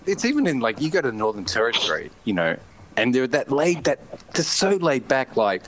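A man's voice: medium pitch, very animated, fairly quick, a bit bright. An Australian man, a comedian guest, chatting laid back and slipping into drawling impressions. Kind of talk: casual podcast banter.

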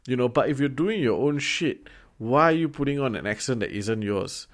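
A man's voice: medium pitch, lively intonation, moderate pace. A man from Singapore with a Singaporean English accent, chatting bluntly and casually, swearing and using many fillers. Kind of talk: casual chat.

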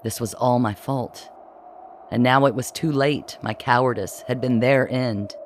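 A man narrating a dark first-person story in a measured, somber way. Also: medium pitch, fairly even intonation, a little hiss or hum. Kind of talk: scripted audiobook narration.

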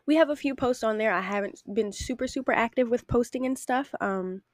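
A woman's voice: a little high, fairly quick, no echo, clean studio sound. A woman of about twenty hosting a casual solo podcast, talking candidly and affectionately to her listeners, with frequent swearing. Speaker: podcast host. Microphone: podcast microphone.

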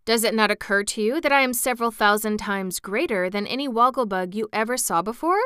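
A woman voicing a pompous, learned male insect gentleman in a storybook reading, wordy and condescending. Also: fairly high pitch, brisk, clear, resonant tone, no room sound, clean studio sound, natural voice. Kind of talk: storybook read-aloud.

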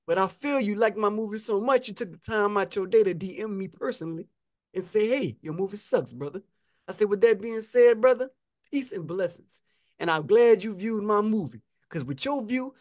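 A man's voice: high voice, no echo, studio quality. A man co-hosting a podcast, casually telling a story and acting out the back-and-forth he quotes. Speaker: podcast co-host.

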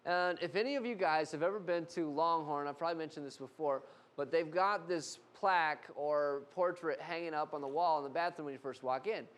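A man preaching a sermon with animated storytelling and casual fillers. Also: on the high side, a little fast. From United States.

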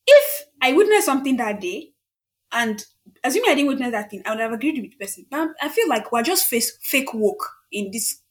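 A woman's voice: high-pitched, sing-song, brisk. Emphatic young woman co-host. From Nigeria. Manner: emphatic, repeats points for stress. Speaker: podcast co-host. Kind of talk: casual chat.

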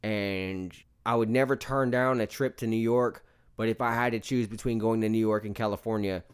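Low-voiced man, loose profane chatter. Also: fairly even intonation, moderate pace, clear, resonant tone. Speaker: podcast co-host. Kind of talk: casual movie review chat.

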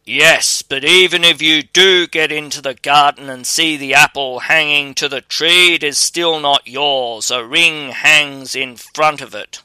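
A man voicing a huge male giant in a fairy tale, speaking in a raised, gruff voice. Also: on the high side, dry recording. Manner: louder, raised voice.

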